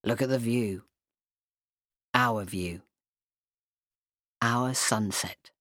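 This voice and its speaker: A woman reading a story, voicing a soft, earnest young man in love. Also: rumbling low, extremely slow, dry recording, studio quality, voice pushed down, full character voice. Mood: tender.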